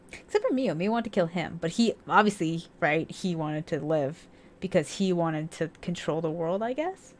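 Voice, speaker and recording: A woman's voice: fairly low pitch, a little hiss or hum. A young woman casually commenting on a game as she plays, chatty, laughing often and swearing freely. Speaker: let's-play streamer.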